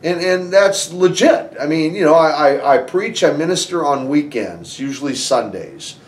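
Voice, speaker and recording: Man guest, animated storyteller with frequent restarts, recorded roomy and a bit distant. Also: fairly high pitch, normal speed. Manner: animated, many restarts and "you know"s. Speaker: interview guest, former wrestler. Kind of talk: conversational storytelling. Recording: roomy, somewhat distant from the mic.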